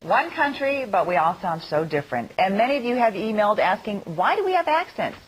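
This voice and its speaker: A woman presenting the news from a script in a bright, chatty way. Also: medium pitch, very animated, fairly quick, husky, lo-fi sound. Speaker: news anchor.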